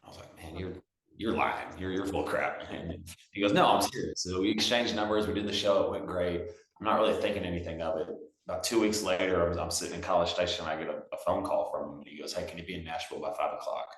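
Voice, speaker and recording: A young man from Texas, a singer-songwriter guest, telling stories in a relaxed, chatty way with lots of fillers. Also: low-pitched, quick pace. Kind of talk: casual storytelling. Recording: roomy echo.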